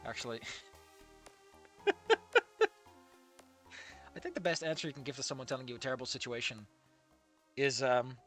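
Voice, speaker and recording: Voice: mid-range voice, moderate pace, long pauses, fairly bright tone, no echo, soft background music. A game commentator giving sarcastic, exasperated commentary on a visual novel, often laughing at the writing. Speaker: let's play commentator.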